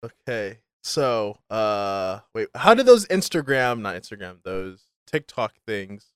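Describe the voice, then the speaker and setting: A man's voice: lowish voice, big pitch swings, takes it slowly, smooth, dry recording, clean studio sound. A young man co-hosting a podcast, in loose slangy chat, joking and laughing often. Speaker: podcast co-host. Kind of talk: casual chat.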